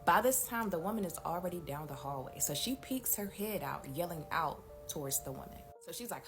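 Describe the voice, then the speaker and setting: Brief: woman storyteller, chatty, a bit low-pitched, talks to viewers, music under her voice. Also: animated, a little fast. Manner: chatty, addresses viewers directly. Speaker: storytime host. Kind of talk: casual storytime narration. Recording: music playing behind the voice.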